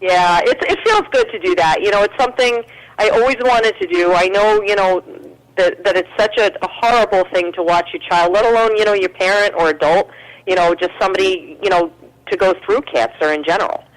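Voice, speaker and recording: A woman's voice: medium pitch, fairly quick, low-quality recording. An American woman talking as a guest musician in a casual chat, earnest and full of fillers and restarts. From United States.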